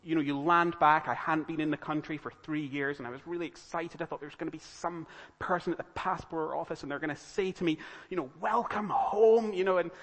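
A man's voice: a little high, steady tone, fast, bright, forceful tone. A man preaching a sermon, earnest and pleading, building to urgent appeals to his listeners. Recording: long reverb of a church hall.

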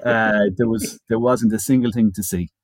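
A man co-hosting a podcast, retelling an old football interview in a lively casual way and often repeating words as he goes. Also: lowish voice, normal speed, no room sound, studio quality. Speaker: podcast co-host. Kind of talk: casual chat, storytelling.

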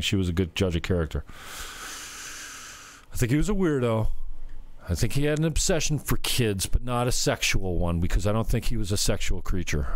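A man's voice: on the low side, no room sound. A man vlogging a casual, rambling rant, swearing often and sounding exasperated.

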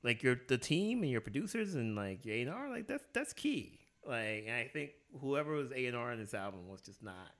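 A man's voice: medium pitch, sing-song, a little fast, hardly any pauses, fairly bright tone. A man chatting casually about an album, hesitant and full of fillers. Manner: hesitant, filler-heavy, trailing off. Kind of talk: casual chat about music.

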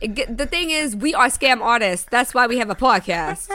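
A young woman co-hosting a casual podcast chat, loud and giggly, repeating catchphrases. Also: a little high, lively intonation, normal speed, slight background noise. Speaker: podcast co-host.

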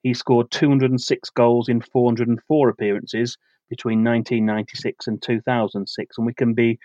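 A man co-hosting a football podcast, reading out a prepared match preview in a steady, measured way. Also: mid-range voice, no echo, lo-fi sound. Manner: steady, measured delivery of facts and dates.

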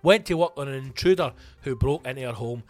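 A Scottish man riffing through a comedy podcast monologue, foul-mouthed and animated, with a voice of ordinary middle pitch. Faint music plays behind him. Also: fairly quick. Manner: sweary, animated, ranting.

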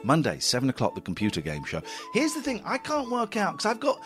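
A man's voice: a little high, wildly swooping pitch, a little fast, soft background music. A man hosting a casual radio show, rambling and self-mocking as he reads tweets and runs through the schedule. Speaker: radio host.

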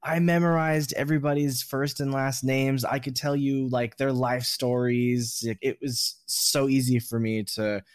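A man's voice: medium pitch, steady tone, a little slow, few pauses, smooth, no echo, studio quality. A young man hosting an interview, asking curious questions and sharing his own experiences. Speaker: interviewer, podcast host. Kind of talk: conversational interview.

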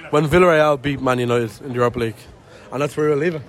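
A man's voice: mid-range voice, racing. A young man hosting a banter podcast, teasing his co-host and joking with laughter.

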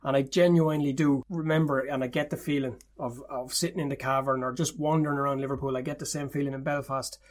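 A man's voice: medium pitch, steady tone, fast, few pauses. A man interviewing a guest, asking long, winding questions.

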